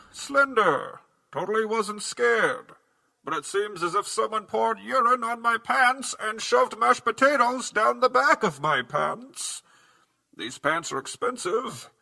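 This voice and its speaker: A man's voice: high-pitched, vocal fry, heavily acted, low-quality recording. A man voicing a blustering, cowardly masked villain in a comedy game bit, bragging and then panicking. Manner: boastful then panicky, yelping and shouting. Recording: loud vehicle noise behind.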